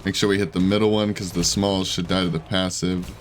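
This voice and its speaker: A man with a lowish voice talks through a game as he plays it, chatty and loose, often thinking aloud and poking fun at his own play. A faint hiss sits under his voice. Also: level tone, brisk. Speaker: gaming YouTuber. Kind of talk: casual gameplay commentary.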